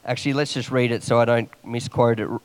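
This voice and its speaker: A man preaching a morning sermon quickly, reading scripture aloud and adding quick asides and jokes. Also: mid-range voice, steady tone.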